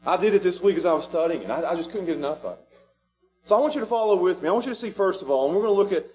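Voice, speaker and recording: A man preaching a sermon as pastor, animated and rising to shouts at the high points. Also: very fast.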